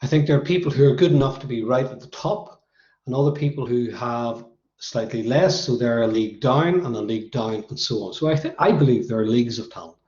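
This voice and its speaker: Hoarse man telling a story. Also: medium pitch, brisk, darkish tone, reverberant, highs cut off. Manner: anecdotal, conversational delivery. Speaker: motivational speaker. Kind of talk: storytelling talk to students.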